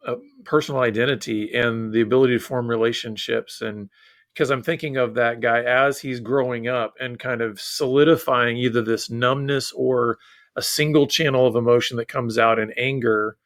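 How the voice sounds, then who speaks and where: A man's voice: medium pitch, fairly bright tone, no room sound. A man co-hosting a podcast conversation, thinking aloud and asking open questions. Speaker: podcast co-host.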